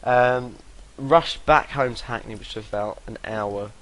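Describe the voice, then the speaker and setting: A man's voice: mid-range voice, measured pace, a bit bright, rough recording. A young man telling a rambling story to camera, swearing freely and laughing between sentences. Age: young adult. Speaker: vlogger.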